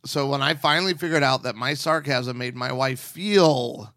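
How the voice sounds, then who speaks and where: A middle-aged man co-hosting a talk podcast, telling stories in a sarcastic, animated way. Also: mid-range voice, normal speed, no echo, clean studio sound. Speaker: podcast co-host. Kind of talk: casual chat.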